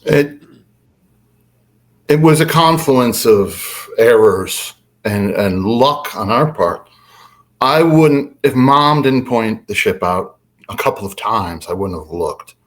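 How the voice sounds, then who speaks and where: A man, a podcast guest, telling a story in a lively way and acting out quotes. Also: slow. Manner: lively, acts out quotes with big pitch swings. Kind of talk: animated storytelling.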